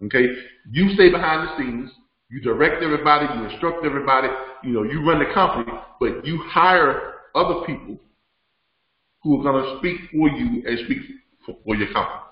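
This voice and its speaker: A man's voice: medium pitch, brisk. Middle-aged male host, casual webinar Q&A, repeats himself, laughs easily; roomy, lo-fi room sound. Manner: conversational, repeats words, laughs often, addresses audience as y'all. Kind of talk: live webinar teaching and Q&A.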